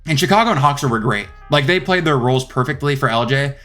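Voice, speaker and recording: Young man, fast casual commentary, rambling self-corrections, faint guitar music behind. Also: medium pitch, lively intonation, a bit bright. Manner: rambling, thinks aloud with many self-corrections. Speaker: esports video host. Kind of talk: casual commentary ranking rosters.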